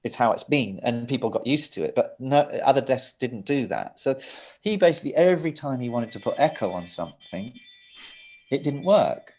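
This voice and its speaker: A middle-aged man, a producer guest, tells studio stories with a mid-pitched voice. He laughs often and breaks off into asides and restarts. The telling is loose and animated. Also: normal speed. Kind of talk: anecdotal interview storytelling.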